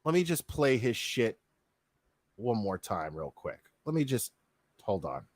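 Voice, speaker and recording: A man's voice: on the low side, very animated, a little slow, no echo. A man ranting profanely and heatedly as a streamer, commenting on a video and talking to his chat.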